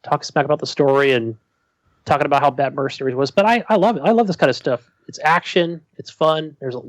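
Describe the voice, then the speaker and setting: A man's voice: fairly high pitch, fast, dry recording. Enthusiastic, rambling male podcast co-host. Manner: enthusiastic, rambling, filler-heavy. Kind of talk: casual chat.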